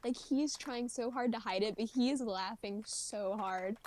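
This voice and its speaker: A woman telling a story on a livestream, animated and often laughing, acting out what people said. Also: fairly high pitch, unhurried. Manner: animated, laughing, acts out quoted voices. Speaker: streamer.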